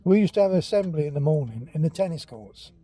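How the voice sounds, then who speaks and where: Fast and animated, with a fairly high pitch and a dark, slightly rough tone, an older English man tells childhood stories on his walking vlog. He wanders chattily from point to point and sometimes goes nearly to a whisper.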